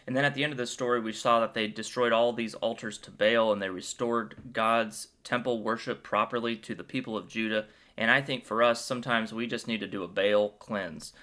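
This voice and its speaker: A man's voice: fairly low pitch, fairly even intonation, fairly quick, hardly any pauses, sharp tone. A man hosting a casual Bible commentary, upbeat and playful, cracking jokes as he retells the chapter. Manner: playful and joking; upbeat and enthusiastic. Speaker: Bible video host.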